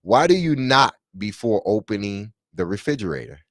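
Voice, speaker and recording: A man co-hosting sports talk radio, telling stories in a casual, animated way and laughing often. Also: lowish voice, moderate pace, no echo, clean studio sound. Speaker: sports radio co-host, former player.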